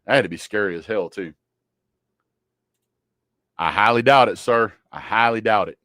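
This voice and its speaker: Man, lowish voice, dry close sound, casual football livestream host, blunt joking trash talk. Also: normal speed, long pauses, pushed and bright, no echo.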